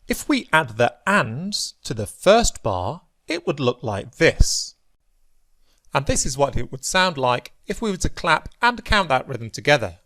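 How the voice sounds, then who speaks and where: A British male music teacher explains rhythm slowly, his pitch rising and falling a great deal as he counts beats aloud. His delivery is deliberate and clear, pitched at a class of beginners. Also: very animated, fairly bright tone, no echo. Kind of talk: classroom music theory lesson.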